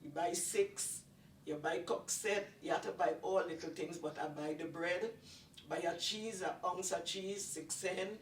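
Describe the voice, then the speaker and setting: A woman's voice: lowish voice, steady tone, unhurried, far from the mic. An older woman tells her personal testimony, earnest and emphatic, repeating phrases for weight. She sits some way back from the mic in an echoey room, with a faint hiss of noise behind her. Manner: earnest, repetitive, emphatic retelling. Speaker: testimony speaker.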